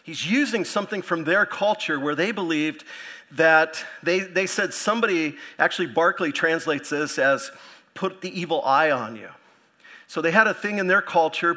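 Guy preaching, chatty and animated, bright forceful voice, bit high. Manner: conversational, animated teaching with asides. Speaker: pastor. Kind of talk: sermon.

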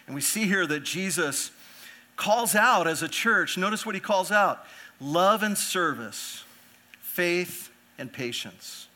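A middle-aged male pastor preaching a sermon in a bright, forceful, slightly high voice. He speaks earnestly, building in volume when he drives a point home, then dropping back to a quieter, conversational tone. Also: moderate pace. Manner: earnest preaching, swells louder on key points.

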